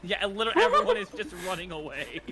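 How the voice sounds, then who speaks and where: A man's voice: high voice, wildly swooping pitch, racing, crowd noise. A man narrating as dungeon master in a laid-back, joking way, swearing casually. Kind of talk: narrating a tabletop game.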